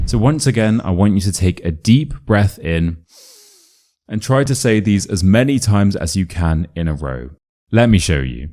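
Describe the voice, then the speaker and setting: Low-voiced British RP male teacher. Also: lively intonation, moderate pace, mellow. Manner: clear, upbeat, demonstrating sounds. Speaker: English pronunciation teacher. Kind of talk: instructional video lesson.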